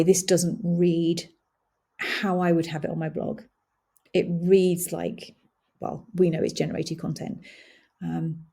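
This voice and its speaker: A woman hosting a blogging tutorial, walking through software on screen in a casual, thinking-aloud way with many pauses and fillers. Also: on the low side, gravelly, slightly rough. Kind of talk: screen-share software walkthrough.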